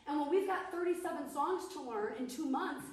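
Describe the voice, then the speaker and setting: Playful high-voiced woman vocal coach. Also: lively intonation, a little fast. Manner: playful, teasing and encouraging; breaks into sung demonstrations. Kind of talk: coaching a singer. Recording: echoey room, mic far off, faint noise.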